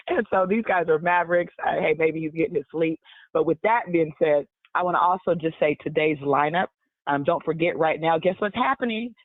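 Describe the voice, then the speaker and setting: A woman hosting a business conference call, brisk and upbeat as she announces the schedule. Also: low voice, no echo. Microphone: phone. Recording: dry phone line.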